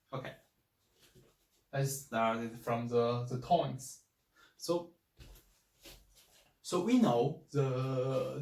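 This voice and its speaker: A man teaching a pinyin lesson, halting and repeating words as he demonstrates sounds aloud. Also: medium pitch, recorded from a distance. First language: Chinese. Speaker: Chinese language teacher. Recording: echoey room, mic set back.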